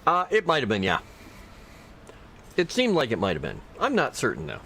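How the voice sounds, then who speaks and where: A man's voice: mid-range voice, huge pitch swings, moderate pace, gravelly, bright, forceful tone, a little hiss or hum. A man streaming a video game, chatting casually with viewers, reading out loot and skill text and teasing his chat. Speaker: livestreamer. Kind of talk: casual gameplay commentary.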